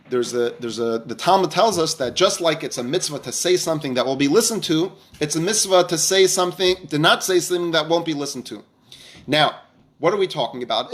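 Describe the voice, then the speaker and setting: A man with a fairly high voice tells a story as part of a Torah lesson. He acts out the dialogue and often restarts his sentences. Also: a bit bright. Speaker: rabbi teacher.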